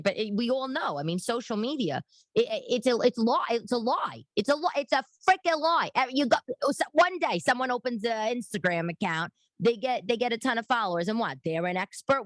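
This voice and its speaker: A woman, hosting a talk show in a rambling, animated monologue full of fillers and restarts. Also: on the low side, no echo. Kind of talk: casual monologue. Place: living room.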